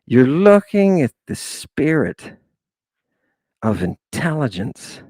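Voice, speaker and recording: Sighing, exclaiming and wandering into asides, a man gives a theatrical livestream lecture and calls his viewers "people." His mid-range voice is sing-song, slow, warm and slightly rough, with no echo.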